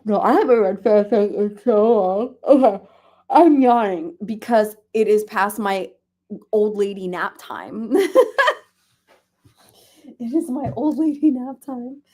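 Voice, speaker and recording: A woman hosting a relaxed reading livestream, chatting casually with viewers, laughing often and talking softly to her cat. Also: mid-range voice, slow, long pauses. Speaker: livestream host. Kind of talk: casual chat.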